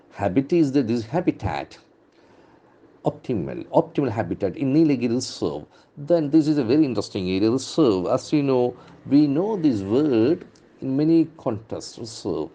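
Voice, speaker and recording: A man's voice: medium pitch, warm tone, breathy edge. A man teaching English vocabulary from the newspaper, repeating words and stressing their syllables. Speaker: English trainer.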